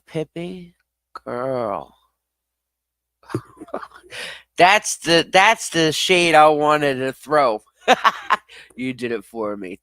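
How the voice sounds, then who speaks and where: A male streamer with a lowish voice and a dry, close sound, chatting casually with his live audience. He reads their comments aloud and fires back bluntly. He swears freely and laughs often. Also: no echo. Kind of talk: casual livestream, reading chat comments.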